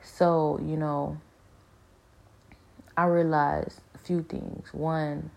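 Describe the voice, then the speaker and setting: A woman speaks in a low, flat, gravelly voice with a dark, mellow tone. She tells a personal spiritual story earnestly, stopping and restarting her sentences and leaning on fillers as she thinks aloud. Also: drawn-out words. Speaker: speaker sharing a spiritual experience. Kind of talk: personal testimony, casual monologue.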